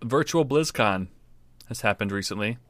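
Low-voiced man, jokey podcast host. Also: animated, normal speed, a bit bright, no room sound. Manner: jokey, teasing banter. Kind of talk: casual podcast chat.

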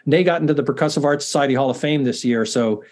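Talking fast in a mid-range, slightly mellow voice, a middle-aged man who serves as a university dean appears as a guest in a relaxed interview. He pokes fun at himself and frequently starts his sentences over.

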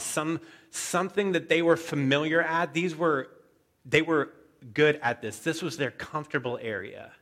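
A man preaching a sermon, telling a story with animated asides and frequent stammered restarts. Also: mid-range voice. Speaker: pastor.

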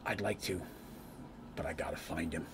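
A quiet, driven young woman adventurer, as a man puts her on, speaking low and firm. Her lines are short and set on her task. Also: fairly even intonation, normal speed, noisy background. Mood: determined.

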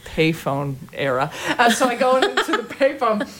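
A middle-aged woman from Chicago, a tap dancer and guest, telling a story casually with excitement and acting out the people in it. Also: on the high side, normal speed, very noisy. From Chicago, USA. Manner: excitable, animated, acts out the people in her story.

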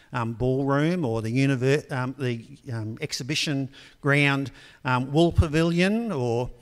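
An older man giving a sermon in a relaxed, conversational storytelling manner, with frequent ums. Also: on the high side. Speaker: preacher. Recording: long hall reverb.

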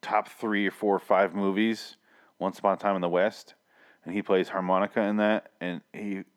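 A man's voice: low-pitched, level tone, normal speed. A man hosting a podcast, rambling in a casual, profane and jokey way. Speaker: podcast host. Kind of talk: casual chat.

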